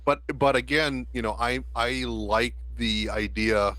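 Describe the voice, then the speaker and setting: A man's voice: medium pitch, measured pace, pushed and bright, dry recording, low-quality recording. A man co-hosting a podcast in casual chat, thinking aloud and rambling through his points. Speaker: podcast co-host.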